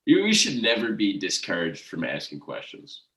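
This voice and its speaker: A man hosting a podcast, talking in a slow, halting way with frequent restarts. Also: lowish voice, wildly swooping pitch, fairly bright tone. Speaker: podcast host. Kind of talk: casual conversation. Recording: echoey room, distant from the mic.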